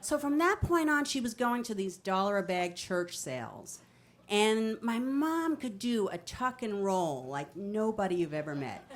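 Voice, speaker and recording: On stage at a storytelling venue in the city, a woman in her fifties from New Jersey speaks into the microphone with a medium-pitched, slightly slow voice. Her true story comes across brash, comic and full of animation.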